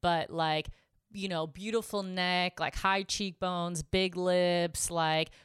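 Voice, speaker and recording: A woman's voice: fairly low pitch, steady tone, takes it slowly, clear, resonant tone, no echo, clean studio sound. A woman in her thirties chatting casually as a podcast co-host, telling blunt, candid stories. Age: 30s. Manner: candid storytelling, blunt, heavy on "like". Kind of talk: casual chat.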